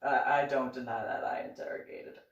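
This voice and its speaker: A woman's voice: extremely low pitch, steady tone, a little fast, dull audio. A woman from New Jersey telling a casual story on her vlog, laughing often as she talks. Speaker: vlogger. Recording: echoey room, distant mic.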